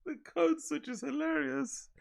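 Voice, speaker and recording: A man's voice: very high voice, steady tone, measured pace, creaky, no room sound, studio quality. A man hosting a live stream, reacting casually, swearing freely and repeating himself between laughs.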